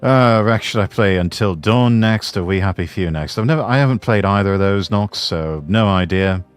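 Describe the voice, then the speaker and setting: A male streamer reacts to a video, chatting casually with his chat and thinking aloud in a hesitant, musing way. His voice is lowish and clean at a moderate pace, with faint background music.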